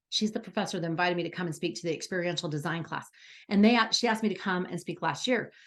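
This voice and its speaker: A middle-aged woman coaching aspiring speakers in a bubbly, enthusiastic, chatty way, full of stories. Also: mid-range voice. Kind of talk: coaching lesson.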